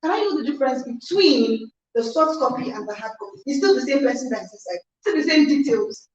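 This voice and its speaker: A Nigerian woman hosting an online conference livestream, energetic and emphatic, repeating phrases and reading out viewers' comments. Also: sits high, fairly quick. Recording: echoey distant lo-fi livestream audio.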